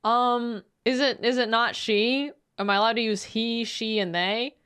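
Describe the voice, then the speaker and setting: A woman's voice: a little high, steady tone, measured pace, fairly bright tone, clean tone. A woman streamer giving casual reaction commentary on a video, playful, laughing often and swearing freely.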